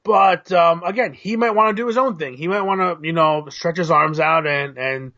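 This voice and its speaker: A man co-hosting a casual soccer talk show, explaining tactics in a measured, analytical way. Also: fairly high pitch, bright, forceful tone, highs cut off. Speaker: co-host. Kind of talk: casual chat.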